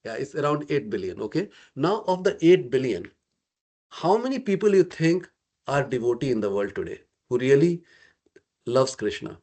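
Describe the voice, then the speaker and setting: A man's voice: medium pitch, big pitch swings, moderate pace, darkish tone. A man teaching an interactive scripture study class, questioning his group and often checking in with "okay" and "right".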